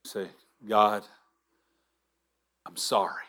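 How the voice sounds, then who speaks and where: Man, pastor, sermon, unhurried delivery, earnest, halting restarts, hushed emphasis. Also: lowish voice, level tone.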